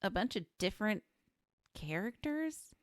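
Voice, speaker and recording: Woman with a lively, wry voice. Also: medium pitch, a little slow, dry recording, studio quality. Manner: short reactions and wry asides. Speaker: podcast co-host. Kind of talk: casual film chat.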